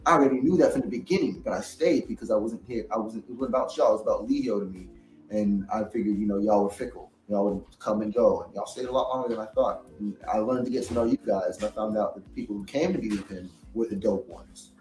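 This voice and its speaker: A man's voice: on the low side, fast talker, a little mellow, echoey room, soft background music, rough recording. A man in a heated, rambling, profane casual monologue into a studio microphone. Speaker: reaction commentator.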